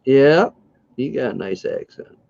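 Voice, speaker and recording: Lively easygoing man. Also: mid-range voice, a little slow, vocal fry, no room sound. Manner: easygoing, laughs often. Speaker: livestream co-host. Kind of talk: casual chat while crafting. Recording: lo-fi livestream audio.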